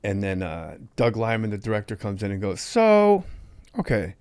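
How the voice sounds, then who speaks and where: A podcast host with a rough, fry-edged voice tells stories in loose, profane chat. He jumps into the voices of the people he quotes. The sound is close and dry, with no room around him. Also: on the low side, brisk, no echo. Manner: animated, profane, acts out quotes. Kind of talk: casual storytelling chat.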